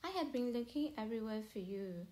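A woman's voice: a little high, animated, fairly quick, mellow, natural voice. A woman voicing a bookish young male fish schoolboy in a storybook, explaining patiently and earnestly. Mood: apologetic.

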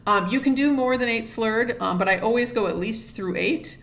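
A woman string teacher explaining practice methods step by step in a steady, methodical way. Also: fairly high pitch, moderate pace. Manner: methodical, steady, breaks steps down one at a time; sings rhythms on nonsense syllables to illustrate. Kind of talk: instructional explanation to camera.

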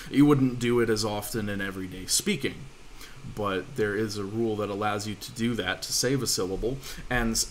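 A man's voice: on the low side, fairly bright tone, slight background noise. A man teaching a language class over a voice call, in a casual, reassuring way. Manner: casual, reassuring, fillers and restarts. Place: home room, online voice call.

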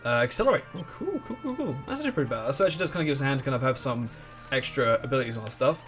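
A man giving casual gameplay commentary as the host of a let's play, rambling and excitable, often restarting his sentences and humming along. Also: medium pitch, rapid-fire, faint music behind.

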